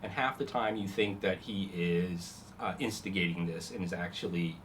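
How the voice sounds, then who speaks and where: A man's voice: deep voice, moderate pace, a little hiss or hum. Rambling male game master. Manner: rambling, many fillers, laughs at own jokes. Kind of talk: narrating a tabletop game.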